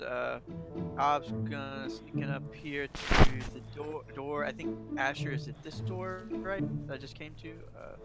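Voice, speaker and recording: A man playing a tabletop game, rambling and restarting his sentences. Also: fairly high pitch. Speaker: player. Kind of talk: casual tabletop play.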